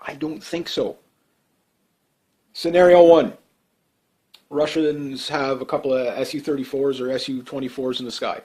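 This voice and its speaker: A man's voice: medium pitch, steady tone, normal speed, long pauses, a little mellow. A man giving casual monologue commentary, rambling and heated, with many fillers and restarts. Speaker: political commentator.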